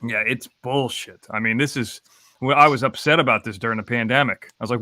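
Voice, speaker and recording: A middle-aged man chats as host of an open panel, rambling and chuckling at his own stories. His voice is bright and forward, at an ordinary pitch. The sound is dry, with no room around it. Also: fairly even intonation, brisk, no room sound. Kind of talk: casual open-panel chat.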